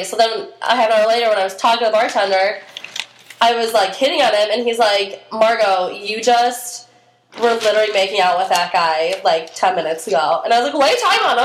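A young woman hosting a podcast, telling stories in a chatty, animated way. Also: medium pitch, a little hiss or hum. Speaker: podcast host. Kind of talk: casual chat. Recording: echoey room.

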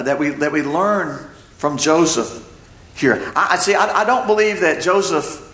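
Animated preacher man in an echoey room. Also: fairly high pitch. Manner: animated storytelling, acts out voices in quotes. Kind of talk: sermon.

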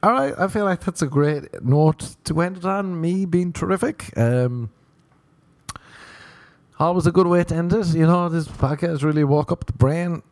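His voice is a little high and slightly mellow, at normal speed, with no echo. He's a comedian from Ireland hosting a podcast, rambling casually while sunburnt through crude, playful stories full of mocking quoted voices.

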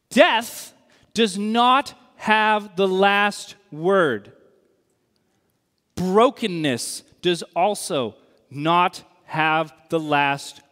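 A male pastor gives an earnest, wry sermon in a slow, unhurried way. His fairly high voice carries a long reverb from a large church hall. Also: a bit bright.

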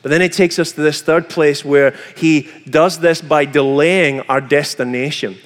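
High-voiced man preaching in an echoing hall. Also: a little slow. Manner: animated preaching, acting out quoted voices. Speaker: pastor. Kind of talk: sermon.

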